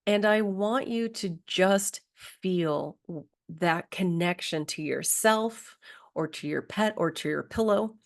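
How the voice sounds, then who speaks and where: Speaking in a lowish, creaky voice, a middle-aged woman who works as a spiritual healing coach leads listeners through a gentle, slow somatic exercise, offering affirmations along the way.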